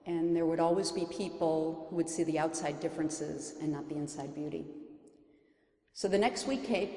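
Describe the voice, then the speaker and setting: A woman's voice: on the low side, a little mellow. A woman in her forties telling a personal story to an audience, earnest and heartfelt, with emphatic lifts. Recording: echoey hall recording.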